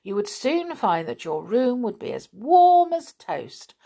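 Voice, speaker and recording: A woman voicing a sensible little boy who talks in a brisk, impatient, matter-of-fact way. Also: a little high, very animated, vocal fry, mellow, pitched above the performer's own voice, heavily acted.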